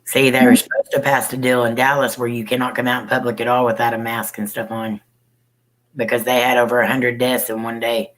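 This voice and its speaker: A man co-hosting a casual livestream, chatting with viewers, laughing often and spelling words out slowly. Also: medium pitch, flat delivery, fairly bright tone, rough recording. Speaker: livestream co-host.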